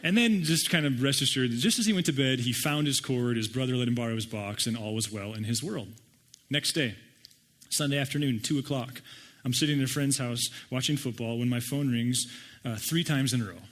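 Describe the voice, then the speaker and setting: A middle-aged man preaching a sermon and telling personal stories with animated, self-deprecating humor. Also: medium pitch, a little fast. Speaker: pastor.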